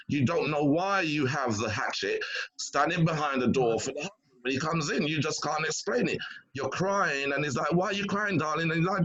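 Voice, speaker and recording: A man's voice: fairly high pitch, fairly bright tone, breathy edge, rough recording. A man speaking as a doctor on a health panel, talking with emphasis, often repeating words as he starts sentences and acting out the people he quotes. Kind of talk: animated panel talk.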